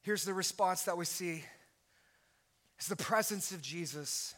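A man preaching a sermon as pastor, impassioned and at times shouting. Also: sits high, unhurried.

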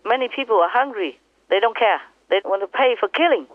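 A woman's voice: on the high side, expressive, fairly quick, dry recording. A woman teacher speaks fervently to her disciples on a phone call. She hammers her points home and repeats them. The line is tinny and narrow, and the voice sits dry with no room sound. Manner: impassioned, repetitive, emphatic. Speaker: spiritual teacher. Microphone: telephone.

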